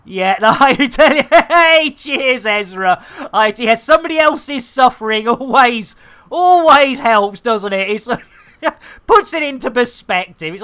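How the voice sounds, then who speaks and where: A man hosts a live game stream, rambling along with bawdy, theatrical jokes. His voice is bright, and his pitch swings up and down a lot. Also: expressive, takes it slowly, clean tone. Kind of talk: cheeky live-stream chat.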